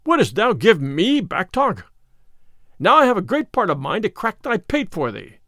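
A man voicing a loud blustering outlaw yeoman. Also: sits high, huge pitch swings, unhurried, no echo, clean studio sound, pitched above the performer's own voice, exaggerated voice. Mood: angry. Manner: loud, boastful, old-fashioned speech.

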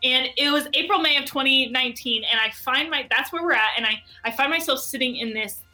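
A woman guest telling a personal story in an animated, excitable way, peppering her speech with "like". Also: high voice, brisk. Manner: excitable, heavy use of "like". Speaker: guest entrepreneur.

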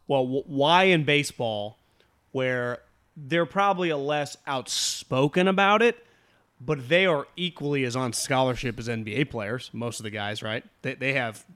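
A man co-hosting a casual sports talk show, talking fast and emphatically, restarting often and swearing. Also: medium pitch, fairly bright tone.

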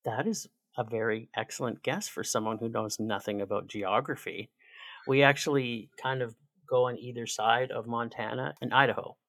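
A Canadian man, a podcast guest, chatting casually in an animated, sarcastic joking way. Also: mid-range voice, moderate pace, vocal fry, no room sound. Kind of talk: casual chat.

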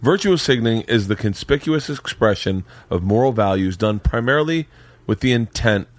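A man hosting a podcast, telling stories loudly with plenty of swearing in casual chat. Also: lowish voice, lively intonation, normal speed, dry recording. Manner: loud, profane storyteller. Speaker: podcast host. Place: home man cave.

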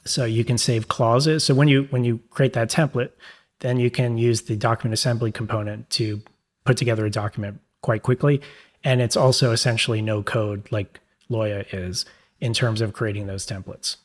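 A man with a New York accent, a podcast guest explaining legal software in a casual, rambling way with fillers. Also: mid-range voice, fairly even intonation, normal speed. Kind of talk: conversational interview.

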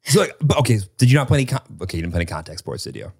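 A man's voice: mid-range voice, rapid-fire, vocal fry, breathy edge. A man in his late twenties hosting a casual podcast chat, telling stories with acted-out quotes and casual swearing. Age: late 20s. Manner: animated storyteller, swears casually, acts out quotes. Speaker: podcast host.

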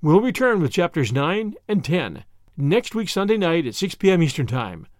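A man hosting a podcast and narrating a classic novel aloud with lively, expressive reading and voices for each character. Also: a little high, moderate pace, dry recording, clean studio sound. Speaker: audiobook reader and podcast host.

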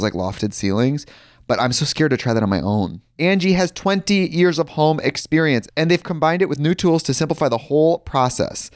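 A man's voice: medium pitch, no echo, studio quality. A man reading a sponsor ad in a chatty way, mixing in personal stories. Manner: chatty, anecdotal. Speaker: ad reader. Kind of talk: casual ad read.

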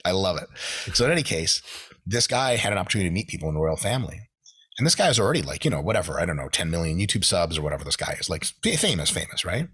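American guy on a podcast, low husky voice, swears a lot, jumps all over in pitch doing quotes. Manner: animated, profane, acts out quotes in shifted voices. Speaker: podcast guest. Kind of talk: casual storytelling.

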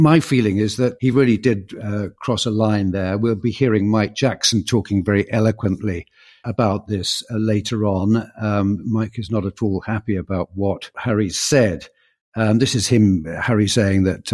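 A middle-aged British man co-hosts a conversational history podcast, his voice sitting on the low side. He talks in a measured, reflective way, pausing with fillers as he recounts things he has seen. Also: a little mellow. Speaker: podcast co-host.

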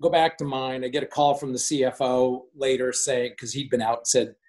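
A man's voice: medium pitch, brisk. A man in his sixties, a former finance manager, telling a casual story and acting out the dialogue with animation. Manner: animated, acts out quoted dialogue. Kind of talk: casual spoken anecdote.

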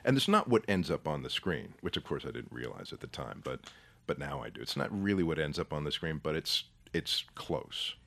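A man's voice: very deep voice, sing-song, fairly quick, vocal fry, a bit bright. An older man, an actor being interviewed, chatting casually, often searching for words and restarting his sentences. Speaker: actor guest.

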